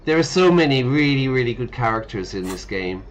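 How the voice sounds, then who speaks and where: In a muffled recording, a man with an expressive, medium-pitched voice talks a little fast while gaming on stream. He teaches English and casually explains slang as he plays, laughing frequently.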